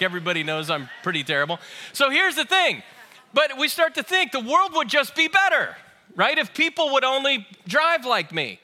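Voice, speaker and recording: Male preacher, high and very bright voice, funny storyteller, addresses the congregation directly. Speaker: pastor. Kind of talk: sermon. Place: church auditorium with a live audience.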